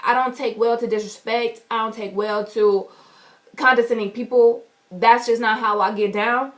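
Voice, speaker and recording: A woman vlogger telling an animated, indignant story to the camera. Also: a little high. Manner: animated, indignant, acts out quotes loudly. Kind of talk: storytime vlog.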